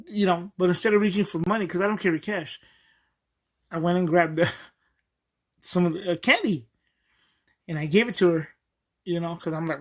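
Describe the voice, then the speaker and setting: Rambling podcast man, slightly high voice. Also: moderate pace. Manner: rambling, with many fillers and restarts; chuckles often while telling stories. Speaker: podcast host. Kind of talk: casual podcast monologue.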